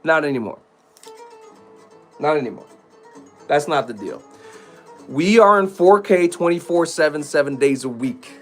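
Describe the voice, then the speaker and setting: A man's voice: on the high side, animated, unhurried, pauses often, soft background music. A man giving an emphatic, preachy casual monologue to his viewers, rambling with restarts. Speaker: streamer talking to viewers.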